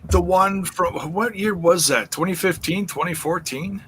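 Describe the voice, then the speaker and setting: A man co-hosting a casual chat, halting as he searches for words. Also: high voice, a bit bright, a little hiss or hum, rough recording.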